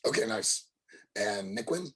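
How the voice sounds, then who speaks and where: A man's voice: lowish voice, animated, unhurried, fairly bright tone, slightly rough, low-quality recording. A man running a tabletop game as game master, narrating with a hesitant delivery full of ums and uhs.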